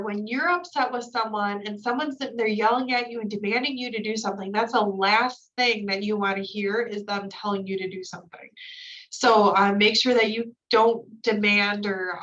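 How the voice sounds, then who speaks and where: A woman's voice: medium pitch, fairly even intonation, moderate pace, fairly bright tone, distant mic, highs cut off. A woman trainer going through slides in a recorded training lecture, explaining each point with casual fillers.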